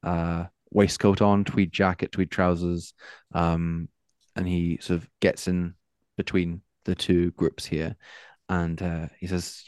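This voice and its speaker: A man narrating as game master of a tabletop role-play game, in a relaxed, halting way. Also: low-pitched, no room sound.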